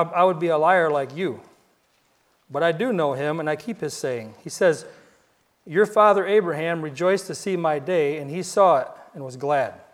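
A man with a high voice preaches a sermon in a loose, conversational storytelling way. He restarts phrases and repeats words, and he lowers his voice to a hush at the dramatic moments.

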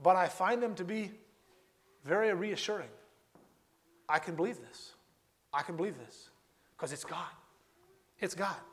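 Guy preaching a sermon, kinda high voice, says stuff twice for emphasis. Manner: earnest, repeats phrases for emphasis, slows on key words.

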